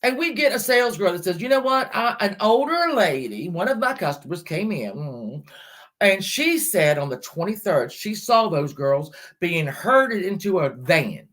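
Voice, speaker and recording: A woman's voice: fairly low pitch, very animated, moderate pace. A woman hosting a true-crime livestream, retelling a case in a chatty way and breaking off to greet people in the chat. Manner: chatty, talks back to chat comments mid-story. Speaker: livestream host. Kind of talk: casual true-crime storytelling to a live chat.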